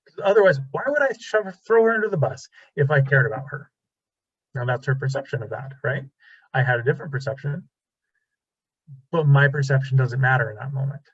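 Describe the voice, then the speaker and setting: A man's voice: medium pitch, slightly rough, no echo, dull audio. A man in his thirties giving a casual, self-deprecating relationship talk to an audience, acting out bits of dialogue. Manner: animated, self-deprecating, acts out quoted dialogue. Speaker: relationship speaker.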